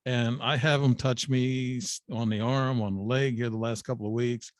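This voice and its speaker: A man's voice: medium pitch, fairly even intonation, moderate pace, no echo. Man, interview host, casual chat, dry sound. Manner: brief backchannels, chatty.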